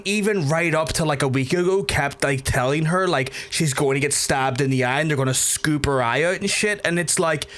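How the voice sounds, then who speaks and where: A man's voice: fairly high pitch, fairly bright tone. A man chatting casually on a gaming livestream, ranting and swearing heavily, rambling with lots of fillers. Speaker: gaming streamer.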